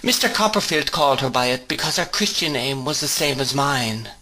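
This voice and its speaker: A man's voice: medium pitch, expressive, fairly quick, background noise, pitched above the performer's own voice, natural voice. A man reading aloud and voicing a frightened, faltering young widowed mother. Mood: fearful. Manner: faltering, tremulous, helpless. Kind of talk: storybook reading.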